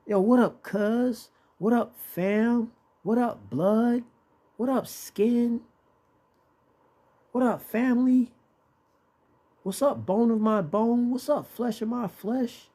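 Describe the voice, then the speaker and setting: A man doing a guy greeting his people with street slang. The voice jumps high above the speaker's normal tone. Each greeting comes out loud and stretched, with a husky edge. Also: takes it slowly, pauses often, heavily acted. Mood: hyped.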